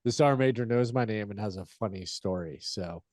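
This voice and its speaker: Middle-aged male host, dark warm tone, loose rambling delivery. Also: fairly low pitch, fairly quick, dry recording, clean studio sound. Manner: rambling, many "like" fillers, swears, chuckles. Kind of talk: casual chat.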